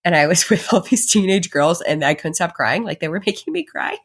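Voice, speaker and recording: A woman in her thirties tells a personal story on her podcast, candid and animated. Her voice sits a little low for a woman, and she laughs often as she speeds up and slows down. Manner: candid and animated, laughs often, pace swings from rushed to slow. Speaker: podcast host.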